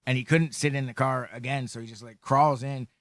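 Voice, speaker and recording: A man's voice: mid-range voice, fairly even intonation, a little fast, a bit bright, dry recording. A man co-hosting a casual podcast, telling his part of the story bluntly with crude jokes. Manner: blunt, joking, profane. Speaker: podcast co-host. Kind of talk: casual chat.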